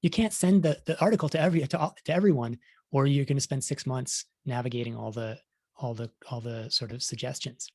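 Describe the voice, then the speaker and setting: A man's voice: mid-range voice, fairly even intonation, brisk, a little mellow, dry recording. Man, middle-aged, science journalist talk, conversational, restarts often, dry sound. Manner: conversational, many restarts, acts out quotes. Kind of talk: conference talk.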